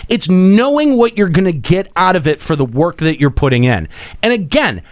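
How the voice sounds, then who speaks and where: A male podcast host with a high voice that swings up and down a lot as he talks. He is emphatic, restarts his sentences often and swears casually. The sound is close and dry, with no room around it. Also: moderate pace, dry recording. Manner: animated, emphatic, swears freely, many restarts. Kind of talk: casual gaming podcast chat.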